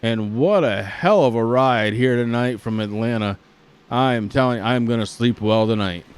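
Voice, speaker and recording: Male race caller, breathless, hyped, stumbles and restarts, mid-pitch voice. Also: a little hiss or hum. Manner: excitable, fast-shifting, stammering restarts. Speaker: race commentator. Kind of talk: sim racing broadcast commentary.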